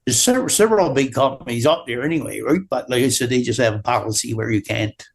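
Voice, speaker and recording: Man, Newfoundland accent, gravelly fry, rambling casual guest chat, says "right?" a lot. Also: mid-range voice, fast talker. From Newfoundland, Canada. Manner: rambling, often ends with "right?". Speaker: guest, drywall taper.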